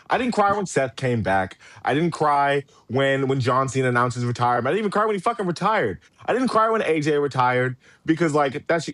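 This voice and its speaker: A man co-hosting a podcast in casual chat, an animated storyteller who acts out quotes and swears a lot. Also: medium pitch, dry recording. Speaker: podcast co-host.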